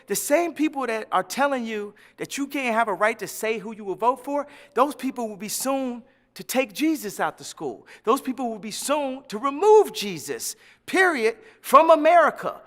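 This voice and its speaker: A man talking as a radio interview guest, impassioned, swinging between loud declarations and low murmurs. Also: big-room sound. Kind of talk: passionate radio interview talk.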